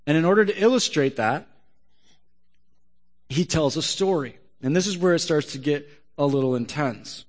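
A man's voice: fairly high pitch, expressive, moderate pace. A male pastor preaching a sermon in a conversational way, often asking the audience questions. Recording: long reverb of a large hall.

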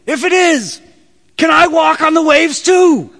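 A man voicing an excited, eager fisherman disciple with a breathless, pleading delivery. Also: extremely high pitch, a little slow, gravelly, voice pushed up, exaggerated voice.

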